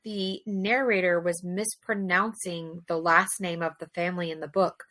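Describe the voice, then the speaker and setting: Bright-voiced chatty woman podcaster. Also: on the low side, moderate pace, no echo. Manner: chatty, animated storytelling with many fillers. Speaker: podcast co-host. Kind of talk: casual chat.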